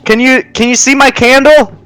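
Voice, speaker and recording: A man's voice: very high voice, steady tone, moderate pace, fairly bright tone, smooth, pitched above the performer's own voice, rough recording. A man playing a stammering, timid giant of a man. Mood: nervous. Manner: stammering, nervous. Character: huge, timid young man adventurer.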